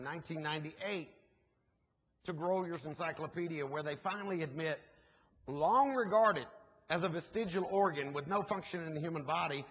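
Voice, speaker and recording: Animated preacher in echoey church. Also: male voice, fairly high pitch. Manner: animated, jokey storytelling with asides to the audience. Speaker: guest speaker. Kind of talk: sermon storytelling. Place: church sanctuary. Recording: muffled, echoey church hall recording.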